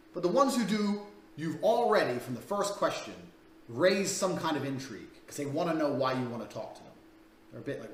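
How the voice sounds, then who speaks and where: A man's voice: mid-range voice, a bit bright. A young man lecturing in a blunt, crude, profane way as a dating coach. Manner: blunt, crude, rapid-fire swearing. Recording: roomy, distant mic with faint noise.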